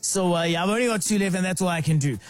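High-voiced, playful radio host. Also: male voice, quick pace. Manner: lively, sing-song and playful. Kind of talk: upbeat radio chat. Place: radio studio.

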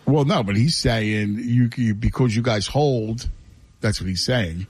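A man co-hosting a sports radio show, reading a promo and then telling a story in lively, jokey banter. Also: mid-range voice, a little slow, slightly rough, dry recording.

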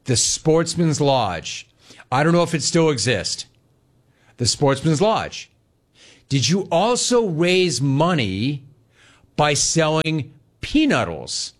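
A man's voice: a little high, slow. A man in his forties from Los Angeles hosting a sports talk show, telling rambling stories and reading live chat. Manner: animated, rambling storytelling, repeats phrases.

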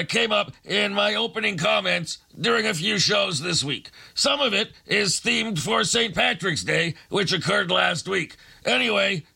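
A man's voice: high voice, vocal fry, sharp tone. A man hosting a late-night radio show, delivering a sarcastic, ranting comic monologue.

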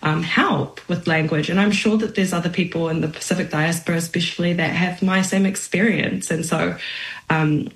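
A woman speaking as an interview guest in casual conversation. She sounds reflective and halting, and sometimes restarts her sentences. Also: lowish voice, fairly even intonation. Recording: roomy echo.

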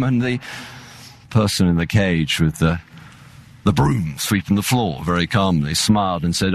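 A man preaching a sermon and leading a closing prayer, slow and emphatic with rising peaks. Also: sits low, lively intonation. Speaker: pastor.

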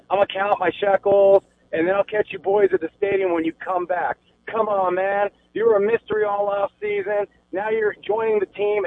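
Gravelly sarcastic caller on a phone line. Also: male voice, sits high. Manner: sarcastic, mimicking. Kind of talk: call-in rant. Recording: tinny phone line with faint noise.

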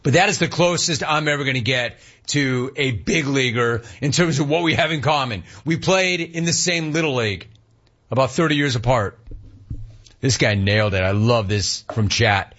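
A man in his forties from Southern California hosting a casual sports talk show, an animated, rambling storyteller who reads from the live chat. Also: medium pitch, normal speed, muffled recording.

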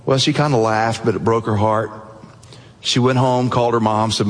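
A man preaching a sermon, telling a story earnestly and softening his voice at emotional points. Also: mid-range voice, steady tone, moderate pace. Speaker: pastor. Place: church sanctuary. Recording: long reverb of a large hall.

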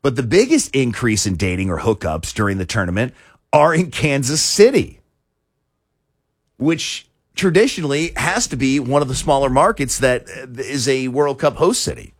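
A man's voice: medium pitch, very animated, normal speed, no echo, clean studio sound. A man hosting a talk show, chatting casually in a rambling way with many restarts and chuckles. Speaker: show host.

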